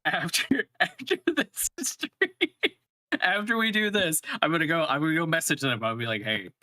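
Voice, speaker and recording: Wry, laid-back man with a bright voice. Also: a little high, lively intonation, normal speed, no room sound. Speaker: streamer and podcast co-host. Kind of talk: casual chat.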